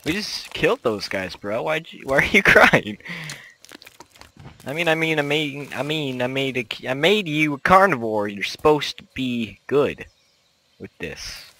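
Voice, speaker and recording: Young man, playful lively game commentary. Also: medium pitch, moderate pace. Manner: playful, rambling, bursts into loud shouts. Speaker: gameplay commentator. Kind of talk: casual gameplay commentary.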